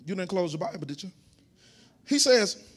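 A man with a very high-pitched voice preaches a sermon in a church. His tone is bright and ringing. He stumbles over and repeats words, then swells into shouted, fervent preaching. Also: very animated, moderate pace. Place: church sanctuary.

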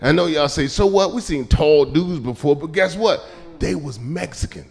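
A man doing live stand-up comedy, telling loose, profane stories and shouting his punchlines. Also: a little high, moderate pace, creaky. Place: comedy club stage. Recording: live club recording with crowd laughter. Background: audience laughter.

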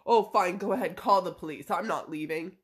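Woman mimicking a defiant father with a lower, brushing-off voice. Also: a little slow. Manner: dismissive, stubborn brush-offs.

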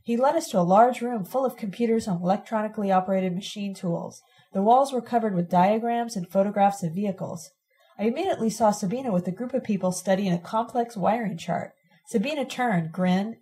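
Lady reading a novel out loud, calm and steady, soft mellow tone. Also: mid-range voice, fairly quick. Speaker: audiobook reader. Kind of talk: first-person novel reading.

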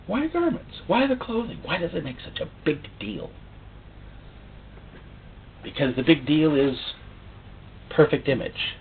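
A man's voice: a little high, very animated, measured pace, pauses often, slight background noise. A man preaching a sermon, theatrical, full of rhetorical questions. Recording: tinny phone-like sound.

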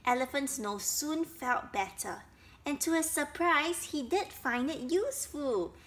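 A woman's voice: sits high, expressive, a bit bright. A woman reading a children's story aloud, stopping often to explain it simply for young listeners. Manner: slow, explains each step for young listeners.

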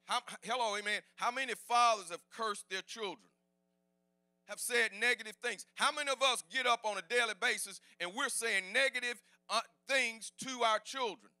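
Shouting, high-voiced, bright male preacher. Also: moderate pace, clear, resonant tone, no room sound, clean studio sound. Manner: preaching with call-and-response, rising to shouts. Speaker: pastor. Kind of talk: sermon. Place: church sanctuary.

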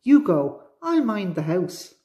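A woman with an Irish accent voicing a stubborn, tricky little boy who yells and whines his protests in a storybook. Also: medium pitch, sing-song, slow pace, voice pushed up. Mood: scheming. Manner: whiny, yelling protests.

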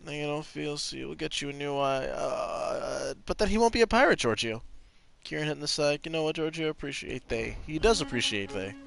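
A man's voice: a little high, a little fast, creaky. A man streaming a video game, chatting casually and jokingly with his viewers and swearing freely. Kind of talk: casual gameplay commentary.

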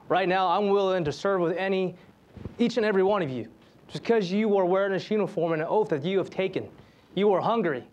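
Earnest high-voiced American Marine. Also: male voice, darkish tone. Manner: earnest, exhorting. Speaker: Marine panelist. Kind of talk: motivational panel talk.

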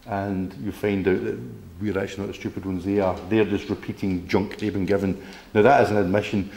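Indignant low-voiced man giving a talk. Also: little pitch movement, a little fast, darkish tone. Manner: indignant, rambling, repeats himself, reads letters aloud. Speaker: presenter. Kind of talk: public talk to a local group.

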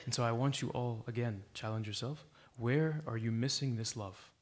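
A man's voice: mid-range voice, normal speed, few pauses. A man preaching a sermon in a church, earnest and exhorting, telling a story to make his point.

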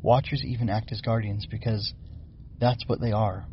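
Man doing pushy young female bug creature, storybook read, gravelly husky tone, dull lo-fi recording. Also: on the low side, steady tone, moderate pace, a little hiss or hum, lightly acted. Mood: insistent. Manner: pushy, insistent questioning. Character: young female growbug, eager, argumentative.

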